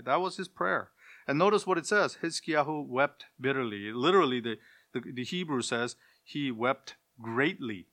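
A man preaching a sermon in an earnest, pleading way, asking his listeners direct questions and shifting between loud emphasis and quiet passages. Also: a little high, lively intonation, moderate pace.

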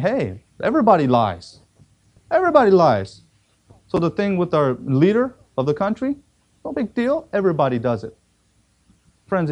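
Man preaching an animated sermon. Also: mid-range voice. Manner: animated storytelling with acted quotes and emphatic repetition.

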